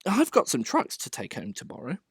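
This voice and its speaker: A man voicing a gentle little engine. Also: high voice, wildly swooping pitch, fairly quick, gravelly, husky, no room sound, studio quality, pitched above the performer's own voice, exaggerated voice. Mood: kind.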